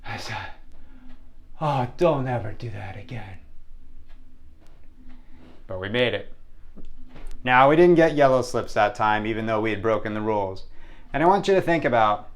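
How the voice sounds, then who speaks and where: A man from San Diego telling a personal childhood story with a moral, in a lively way, sometimes hushed and sometimes excited. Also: on the low side, a little fast. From San Diego, United States. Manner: lively, hums sound effects, shifts from hushed to excited.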